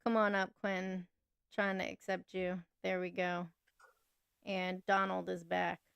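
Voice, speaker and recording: A woman's voice: on the low side, level tone, measured pace, creaky, a bit bright, clean tone, no echo. A woman co-hosting a livestream, chatting casually, laughing often and answering her viewers' comments. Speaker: livestream co-host.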